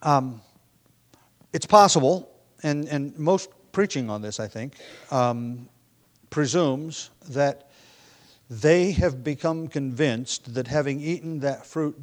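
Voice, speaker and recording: A man delivers a sermon at a middle pitch, in an easy conversational way. He thinks aloud as he goes and slips into short acted-out quotes. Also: takes it slowly. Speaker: preacher.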